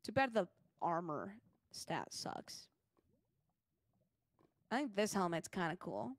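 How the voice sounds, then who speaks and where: A woman's voice: mid-range voice, lively intonation, takes it slowly, no room sound. Young woman gaming streamer, playful griping, dry close mic. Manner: playful, dramatically grumbling. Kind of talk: casual gaming stream chat.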